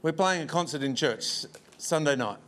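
A man's voice: on the high side, animated, normal speed, fairly bright tone. A man preaching a storytelling sermon with humorous, self-deprecating asides and frequent chuckles.

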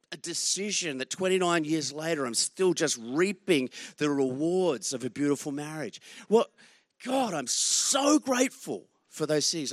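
Lively Australian man preaching a sermon. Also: on the high side, no echo, clean studio sound. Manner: animated, conversational, chuckles through stories. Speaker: guest preacher. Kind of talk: sermon with personal storytelling.

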